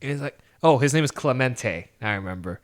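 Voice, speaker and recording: A man co-hosting a casual podcast chat about a movie. He retells scenes with animated energy, jumping up in pitch to act out characters' lines and laughing often. His voice sits at an ordinary middle pitch. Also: fairly quick. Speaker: podcast co-host.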